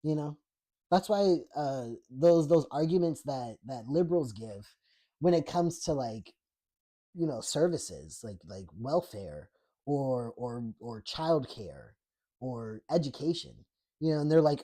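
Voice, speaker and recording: A man's voice: fairly high pitch, expressive, measured pace, dark tone. A man hosting a podcast in a blunt, profane, rambling rant, laughing often as he reads chat comments. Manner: rambling with many fillers and restarts. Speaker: podcast host. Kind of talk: casual political rant reading live chat.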